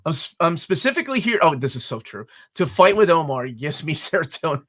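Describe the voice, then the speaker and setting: A man's voice: a little high, big pitch swings, a little fast, a bit bright. A man hosting a casual interview over a video call. He talks in a laid-back, chatty way and reads out viewer comments as he goes. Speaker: interview show host.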